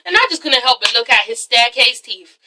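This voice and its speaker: Sassy woman doing a reality tv recap, cussing a lot, high bright voice, kinda far from the mic. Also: animated, a little fast, background noise. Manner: sassy, frequent "okay?" asides, swearing. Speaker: reviewer, channel host. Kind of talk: casual profane TV-recap vlog.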